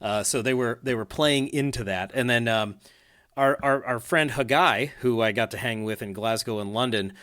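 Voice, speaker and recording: A man's voice: mid-range voice, moderate pace, fairly bright tone. A man hosting a casual podcast chat, talking loosely with fillers, restarts and easy laughs. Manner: chatty, laughs easily, many fillers and restarts. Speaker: podcast host.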